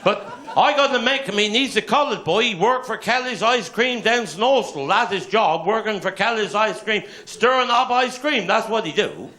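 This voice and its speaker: A man's voice: sits high, lively intonation, normal speed, few pauses, pushed and bright. A man with a Cornish accent telling rambling, bawdy stand-up stories in broad dialect at a live show. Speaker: comedian. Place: live show before an audience. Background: audience laughter.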